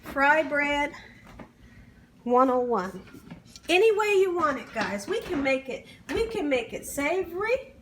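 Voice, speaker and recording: This home cooking host has a high, sing-song voice that's fairly bright and unhurried, with slight noise behind it. Filming a vlog in her kitchen, she eagerly calls out "guys" to viewers and hums as she samples the food.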